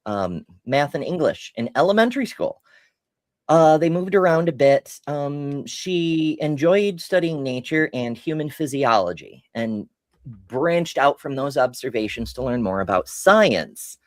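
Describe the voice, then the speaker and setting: A woman's voice: low-pitched, animated, measured pace, no room sound. A woman co-hosting a podcast, reading out viewer comments and answering them in a frank, casual way. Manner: reads out chat messages, then comments with frank, blunt remarks. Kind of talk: casual chat.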